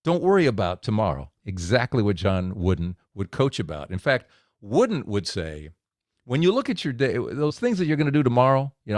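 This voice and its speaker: A man delivering a men's devotional message as a story, his pitch swinging widely as he acts out the scenes. The sound is dry and close, with no room echo. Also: a little fast. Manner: storytelling, animated with acted quotes.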